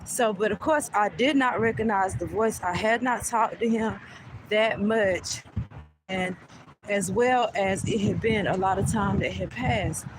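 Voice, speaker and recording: A woman's voice: medium pitch, a little slow, background noise. A woman vlogger telling a casual storytime in a chatty way, often asking "you know what I'm saying".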